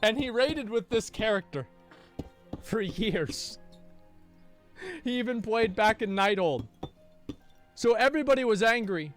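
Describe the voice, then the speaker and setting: A man with a high voice tells a casual story, swearing freely and slipping into his friends' voices. His delivery is animated and loose. Faint music plays underneath. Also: normal speed. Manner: animated, profane, acts out quoted friends.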